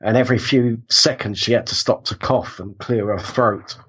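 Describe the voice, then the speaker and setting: British man with a husky cold. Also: medium pitch, fairly even intonation, normal speed, fairly bright tone, highs cut off. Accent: British English. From England. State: has a cold. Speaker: podcast guest. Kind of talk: casual chat.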